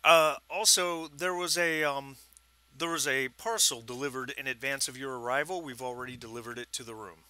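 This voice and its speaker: A man's voice: mid-range voice, steady tone, normal speed, pushed and bright, clean tone, voice pushed up. A man voicing a guarded Egyptian hotel clerk who speaks with a British accent, dry and haughty.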